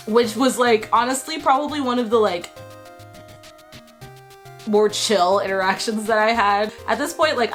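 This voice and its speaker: A young woman from Texas telling a casual storytime, chatty and laughing often, her voice worn from a cold. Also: mid-range voice. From Texas, USA. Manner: chatty, animated retelling with frequent 'like' and laughs. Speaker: vlogger.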